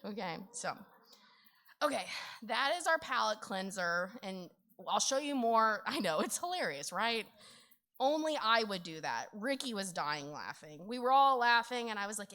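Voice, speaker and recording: A middle-aged woman giving a conference training talk, telling a story in an animated way with frequent laughs and "okay?" asides. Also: a little high, moderate pace. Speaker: conference presenter on county finance.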